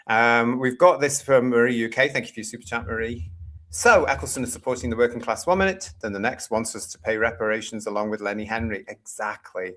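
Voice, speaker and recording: A man's voice: medium pitch, a little fast, fairly bright tone. A man from the UK hosting a casual live stream, reading out viewer comments with exasperated, sarcastic asides. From United Kingdom. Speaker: live-stream show host.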